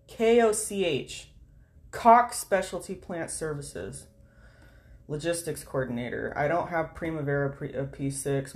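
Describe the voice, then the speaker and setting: Very low-voiced woman muttering and cursing. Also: unhurried, a little mellow. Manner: muttering to herself, swears often, reads listings aloud. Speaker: vlogger. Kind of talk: casual talk while job hunting online. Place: at home at a computer. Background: keyboard typing.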